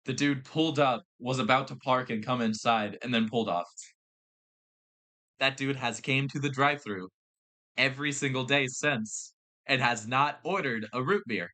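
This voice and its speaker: A man's voice: medium pitch, normal speed, pushed and bright. A young man, hosting a podcast and telling rambling stories full of swearing and fillers. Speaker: podcast host. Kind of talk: casual storytelling chat.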